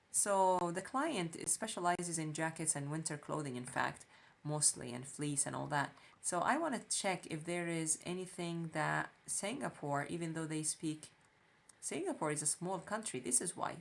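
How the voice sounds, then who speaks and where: A woman's voice: lowish voice, creaky. Woman thinking aloud in a screen tutorial. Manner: thinking aloud, frequent fillers and restarts. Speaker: online marketing instructor. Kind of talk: screen-share tutorial walkthrough.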